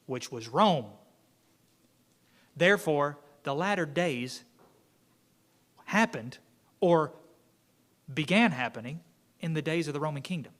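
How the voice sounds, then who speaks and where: A man's voice: fairly high pitch, fairly bright tone. Conversational man teaching Bible class. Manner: conversational, with fillers and asides. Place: church classroom.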